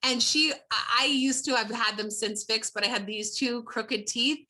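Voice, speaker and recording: Bright-voiced woman telling her story. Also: a little high, moderate pace. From United States. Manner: animated, heartfelt, with frequent restarts. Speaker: interview guest. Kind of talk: personal storytelling in conversation.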